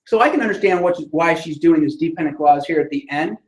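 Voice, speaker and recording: Speaking quickly in a voice on the high side, the writing instructor lectures his class on how sentences are built. The room is echoey, and he keeps the tone conversational, often pausing to ask "right?"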